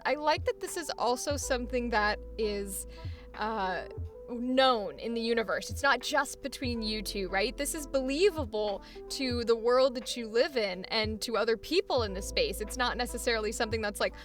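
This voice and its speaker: A woman's voice: on the high side, animated, normal speed, fairly bright tone, faint music behind. A woman voice acting coach giving chatty, encouraging feedback in a coaching session. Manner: encouraging, chatty, uses many fillers.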